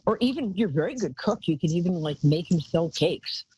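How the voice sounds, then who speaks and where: A woman's voice: on the low side, expressive, brisk, darkish tone, low-quality recording. A woman hosting a live call-in psychic show, talking in a chatty, rambling way and calling callers darling.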